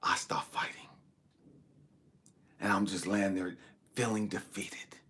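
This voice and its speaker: A man giving a dramatic personal testimony as a spiritual talk host, swinging from hushed whispers to near-shouts. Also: sits low, steady tone, slow, husky.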